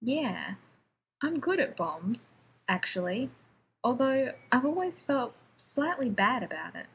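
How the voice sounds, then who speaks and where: A woman's voice: fairly high pitch, sing-song, vocal fry, slight background noise, pitched above the performer's own voice, full character voice. Woman reading as an anxious, sarcastic male scientist. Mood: nervous rambling. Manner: rapid, rambling, sarcastic. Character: anxious, prickly male scientist defusing a bomb.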